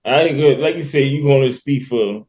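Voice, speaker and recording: A man's voice: medium pitch, moderate pace, crowd noise. A man, co-hosting a podcast in casual talk. He is reflective and laid-back, and laughs between words. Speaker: podcast co-host.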